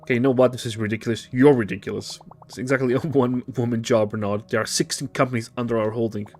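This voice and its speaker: A man's voice: mid-range voice, steady tone, quick pace, a little mellow, close to an everyday voice. A man doing an exasperated rich sister. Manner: scolding, impatient. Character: wealthy, exasperated woman, the hero's sister.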